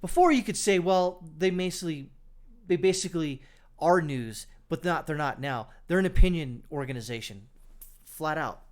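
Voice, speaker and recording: A man with a fairly high voice hosts political commentary. He is sarcastic and scornful as he reacts to news clips, and he thinks aloud with plenty of fillers. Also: lively intonation, normal speed.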